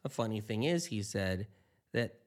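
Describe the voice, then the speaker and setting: A man's voice: fairly low pitch, lively intonation, normal speed, a little mellow. A man eating and talking casually, rambling through anecdotes with lots of quoted dialogue. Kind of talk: casual storytelling monologue.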